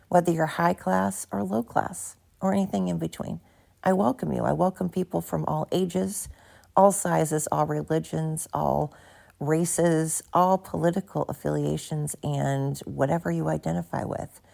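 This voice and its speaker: Sleepy gravelly woman podcasting on her phone. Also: low voice, steady tone, normal speed, a little mellow. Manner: rambling, profane, self-mocking. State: tired, barely awake. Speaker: podcast host. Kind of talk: casual solo podcast monologue. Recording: phone recording with background noise.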